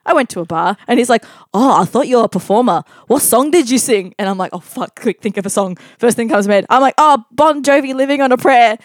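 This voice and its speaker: Woman, storytelling, animated and laughing, slightly high-pitched, dry sound. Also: fast talker, few pauses, no echo. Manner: animated, laughing, acts out dialogue. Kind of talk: casual storytelling.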